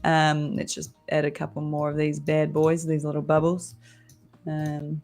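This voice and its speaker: A woman's voice: low-pitched, completely flat delivery, measured pace, a little mellow, faint music behind. A young woman designer chatting casually while she draws on a livestream, thinking aloud as she goes. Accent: Australian-sounding but not Australian. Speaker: designer guest.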